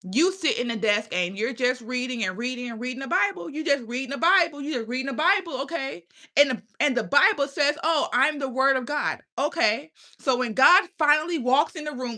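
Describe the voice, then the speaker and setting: A woman's voice: high voice, fairly quick, bright, forceful tone. A young adult woman hosting her own channel, ranting in a blunt, profane, preachy way and firing questions at her viewers. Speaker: channel host. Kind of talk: casual livestream rant.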